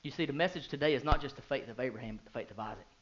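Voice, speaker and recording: A man in his thirties, a pastor preaching a sermon, who moves from quiet, low talk to loud, fervent bursts and asks the congregation many rhetorical questions. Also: racing, lo-fi sound, heavy background noise. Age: 30s.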